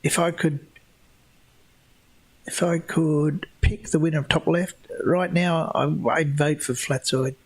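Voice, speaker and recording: Slow, rambling man hosting a live Q&A. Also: a little high, slightly rough. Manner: slow, rambling, many restarts and fillers; scornful of flat-earth believers. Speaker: livestream host answering chat questions. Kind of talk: casual livestream Q&A.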